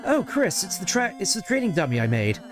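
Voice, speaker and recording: A man voicing a gentle, shy young goat prince in a video game, speaking softly and politely with hesitant little ums. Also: sits high, huge pitch swings, fairly quick, soft background music, voice pushed up. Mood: encouraging. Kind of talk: video game voice-over reading.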